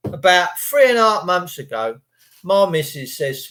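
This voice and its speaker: A middle-aged Englishman delivers a crude, rambling monologue. He swears freely and mocks people. He often jumps up into high, mimicking voices. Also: very animated, a little slow, fairly bright tone. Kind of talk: casual ranting monologue.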